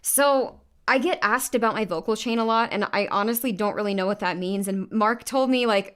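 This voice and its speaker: A woman's voice: mid-range voice, a bit bright, clear, resonant tone. A woman singer chatting casually on a livestream while recording vocals, laughing often and saying "like" a lot. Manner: chatty, quick laughs, frequent "like".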